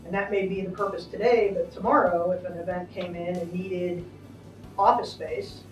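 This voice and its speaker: A woman's voice: fairly low pitch, fairly even intonation, normal speed. A middle-aged woman managing an arena, chatting casually and upbeat with many fillers while giving a backstage tour. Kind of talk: casual walking interview. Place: backstage in a large indoor arena. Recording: echoey, from a distance, faint music.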